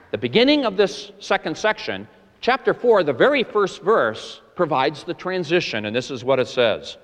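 A male pastor delivers a sermon in an earnest, emphatic manner, often lifting his pitch to stress a point. His voice sits in a middle register. It rings with the long reverb of a church sanctuary. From Boston.

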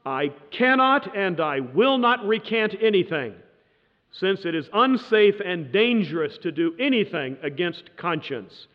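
A lecturer quoting a defiant monk-professor on trial, slow and solemnly firm, in a dull echoing hall. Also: male voice, sits high, big pitch swings. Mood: solemn defiance. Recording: dull lo-fi sound in a reverberant hall.

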